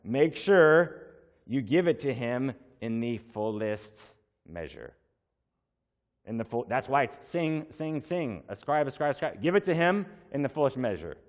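A man preaching a sermon, explaining slowly and repeating words for emphasis. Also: mid-range voice, very animated. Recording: long hall reverb.

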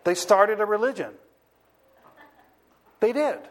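Slow, high-voiced male preacher. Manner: asks the audience if they are listening. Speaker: pastor. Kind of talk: sermon.

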